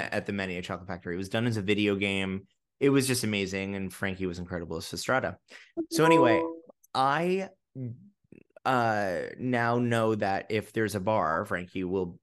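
In a casual interview, a young theatre producer tells stories in an animated, gushing way, filling his speech with fillers and restarts. His voice is pitched fairly low.

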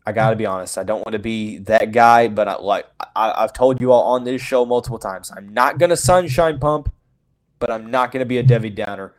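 A man's voice: on the low side, a little fast. A man hosting a solo sports podcast, giving frank opinions in a loose, rambling way full of "you know" fillers. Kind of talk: casual solo sports commentary.

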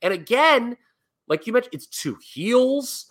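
A man's voice: very high voice, big pitch swings, a little slow, fairly bright tone. A man co-hosting a casual wrestling podcast, critical and emphatic, swearing as he rants about a match finish. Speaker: podcast co-host.

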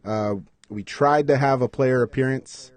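Relaxed man giving event announcements. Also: medium pitch, measured pace, crowd noise. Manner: relaxed, hesitant with many ums. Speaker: supporters group announcer. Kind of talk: casual announcements on a podcast.

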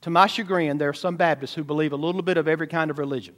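Animated high-voiced preacher. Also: male voice, rapid-fire. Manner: animated preaching, sudden shouts and asides to the congregation. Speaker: pastor. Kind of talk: sermon.

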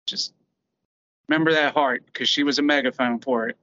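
Man, bright tense timbre, halting heartfelt memory, muffled lo-fi. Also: mid-range voice, fairly even intonation, a little hiss or hum. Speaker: friend sharing a memory. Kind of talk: casual memorial remembrance.

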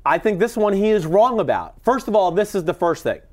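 A man's voice: high-pitched, very animated, a little fast, darkish tone. A man co-hosting a sports podcast, giving blunt, emphatic opinions on football. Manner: emphatic, opinionated, acts out quotes. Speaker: podcast co-host, former NFL player. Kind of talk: casual sports chat.

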